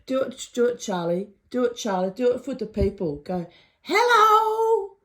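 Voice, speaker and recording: A woman voicing an overexcited middle-aged man who yells greetings in a whooping, sing-song way. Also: medium pitch, brisk, voice pushed up, natural voice.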